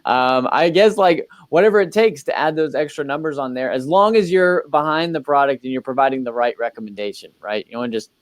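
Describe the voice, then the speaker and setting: A man's voice: mid-range voice, a little fast, few pauses, dry recording. A man hosting a business talk show, upbeat and loose, with lots of fillers. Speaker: podcast host.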